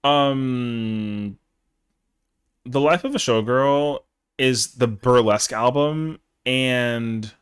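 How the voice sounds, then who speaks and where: A man's voice: medium pitch, very slow, clear, resonant tone. A young man chatting casually on a live stream, rambling in slang with lots of fillers.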